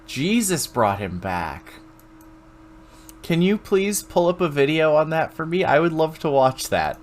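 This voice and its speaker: A man's voice: fairly high pitch, animated, a little hiss or hum. A man streaming, chatting casually and crudely as he reacts to a video. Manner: slow, drawling, crude.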